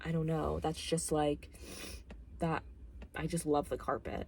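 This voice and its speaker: A woman's voice: low-pitched, lively intonation, moderate pace, warm tone, a little hiss or hum. A young woman vlogging, chatting casually about a film and book, rambling with lots of fillers and jokey asides.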